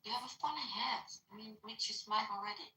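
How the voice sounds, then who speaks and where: A woman's voice: fairly high pitch, fast, sharp tone, echoey room, recorded from a distance. A woman caller in a casual live chat, gushing and overeager.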